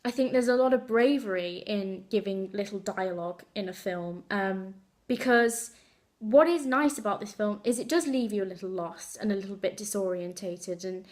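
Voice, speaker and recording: A young woman talks through a film review in a relaxed, chatty way, pausing often on fillers and correcting herself mid-sentence. Her voice sits at an ordinary middle pitch for a woman. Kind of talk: casual spoken film review.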